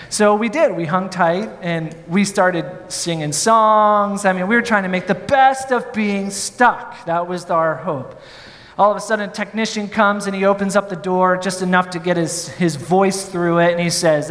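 A male pastor telling a story in a sermon, in an animated, playful way. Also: high-pitched, normal speed, long reverb tail.

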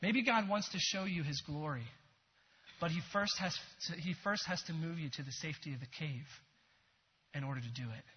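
A high-pitched, husky-toned man delivers an earnest, animated sermon. The sound is dull and muffled, and a long reverb trails after him as if in a large sanctuary. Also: brisk. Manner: earnest, animated preaching with whispered quotes. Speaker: pastor.

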